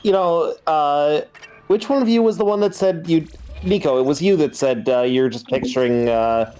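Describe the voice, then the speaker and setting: A man's voice: a little high, normal speed, a little mellow, smooth. A man from the US Midwest chatting casually on a game stream, laughing often and restarting his sentences. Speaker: co-player on stream. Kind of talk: casual chat.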